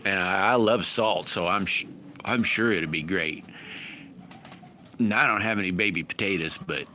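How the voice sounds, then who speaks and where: A man's voice: sits low, pushed and bright, a little hiss or hum. A man hosting a livestream, rambling through folksy stories and chatting casually with viewers. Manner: rambling folksy storytelling, laughs often. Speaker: livestream host.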